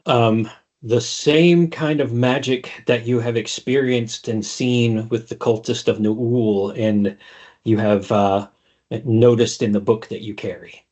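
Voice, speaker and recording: Husky-voiced man narrating as game master. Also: medium pitch, fairly even intonation, slow pace, a little mellow. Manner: descriptive narration with fillers.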